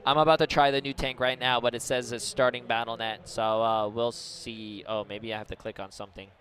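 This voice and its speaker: A man's voice: mid-range voice, level tone, a little fast, fairly bright tone. A man streaming live, chatting casually to viewers while he mutters through setting up his computer.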